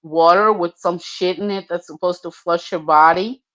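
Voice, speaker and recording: An older woman telling a personal story casually, profane and animated, acting out the voices in it. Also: fairly low pitch, moderate pace, lo-fi sound. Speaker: storyteller guest.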